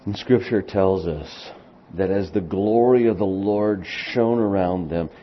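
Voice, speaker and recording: A man preaching a sermon as pastor, speaking with deliberate emphasis that swells into loud, excited peaks. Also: low-pitched, lo-fi sound, a little hiss or hum.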